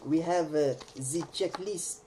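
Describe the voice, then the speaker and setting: A man's voice: a little high, takes it slowly, background noise. An American man hosting a casual card-opening video, joking around in a put-on mock French accent. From United States. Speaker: card-breaking video host.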